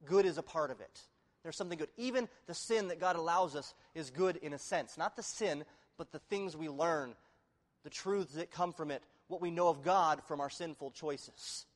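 A male pastor preaching a sermon, moving between loud, emphatic declarations and quiet, hushed appeals to the congregation. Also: a little high, normal speed. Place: church sanctuary. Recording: long reverb of a large hall.

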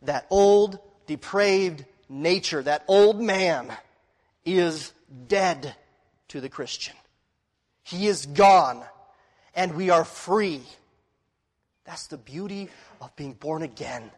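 A man with a high, bright voice preaches a sermon with dramatic swings from hushed asides to loud declarations. His voice carries a long reverb, as if recorded in a large hall. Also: slow pace, pauses often. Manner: dramatic, swings from quiet to shouting.

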